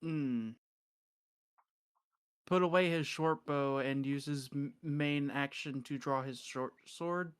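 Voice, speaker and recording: A player declaring a turn in a tabletop game, halting and thinking aloud with many fillers. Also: mid-range voice, smooth. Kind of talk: casual tabletop play.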